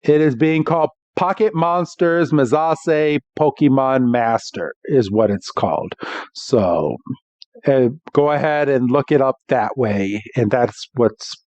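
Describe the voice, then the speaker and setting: A man's voice: medium pitch, slow pace, darkish tone, no echo. A man hosting a podcast, casually recapping an episode in a rambling way with many restarts. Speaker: podcast host. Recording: dull dry lo-fi.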